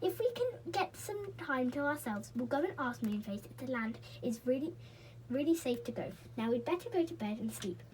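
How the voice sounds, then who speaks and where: A sensible, cautious boy from a storybook, earnest and careful, as a woman reads his part. The voice runs high with lively ups and downs. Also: moderate pace, rough recording.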